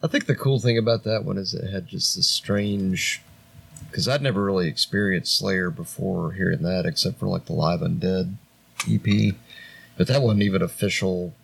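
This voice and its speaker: Gravelly, profane man chatting about music. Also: deep voice, steady tone, moderate pace. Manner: rambling, profane, enthusiastic. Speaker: podcast co-host. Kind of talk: casual chat.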